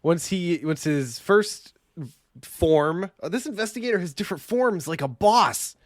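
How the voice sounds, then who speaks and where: A man's voice: high-pitched, lively intonation, unhurried, dry recording, clean studio sound. A man co-hosting a podcast, chatting casually about a card game with rambling, self-deprecating asides. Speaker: podcast co-host.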